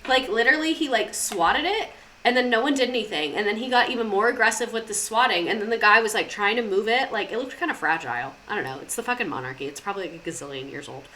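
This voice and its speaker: A woman's voice: medium pitch, expressive, quick pace, bright, forceful tone, slight background noise. A young woman streaming, chatting casually and swearing freely as she drifts off on tangents. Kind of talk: casual chat, live stream.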